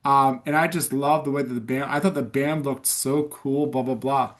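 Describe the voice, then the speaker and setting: A man in his thirties hosting a casual chat, eager, reminiscing and quick with short replies. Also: mid-range voice, fairly even intonation. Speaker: podcast host.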